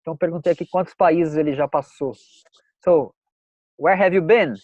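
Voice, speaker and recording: A man with a Brazilian accent hosting a video call interview, translating his guest between English and Portuguese in a lively, laughing way. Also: on the high side, fairly quick, dry recording, highs cut off. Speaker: host and interpreter.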